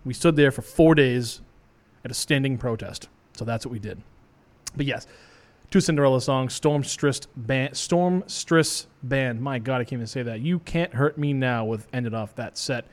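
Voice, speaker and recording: A man's voice: medium pitch, moderate pace. A male radio DJ, rambling casually and joking about himself between songs in a small studio. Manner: rambling, self-joking, loose. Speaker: radio DJ host. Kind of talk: casual live radio chat.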